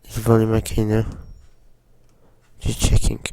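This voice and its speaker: A man with a groggy voice from a cold, giving slow, hesitant casual commentary while playing a driving game. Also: on the low side, monotone, mellow, clean tone. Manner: slow, hesitant, with frequent fillers. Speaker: gaming channel host.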